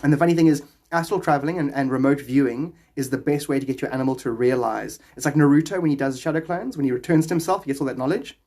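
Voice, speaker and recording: A man's voice: medium pitch, fast, hardly any pauses, darkish tone. A man streaming from his phone, chatting casually and answering viewer questions, laughing often and rambling playfully. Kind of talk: casual livestream chat.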